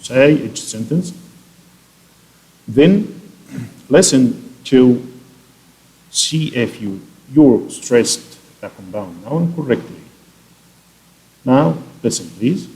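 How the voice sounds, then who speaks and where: Man, teacher, classroom instruction, checks items off one by one, unhurried, mellow. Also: medium pitch, lively intonation, poor audio.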